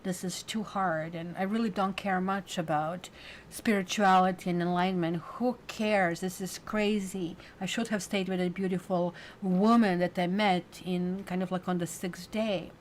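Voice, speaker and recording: A woman's voice: lowish voice, fairly even intonation, moderate pace, slight background noise, lightly acted. A woman telling it as the Fool, a despairing young wanderer. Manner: weary, complaining.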